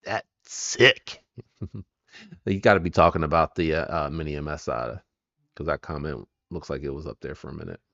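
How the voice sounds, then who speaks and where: A man's voice: a bass voice, moderate pace, gravelly, a bit bright, dry recording, dull audio. A man hosting a live stream, chatting casually and rambling as he greets viewers by name.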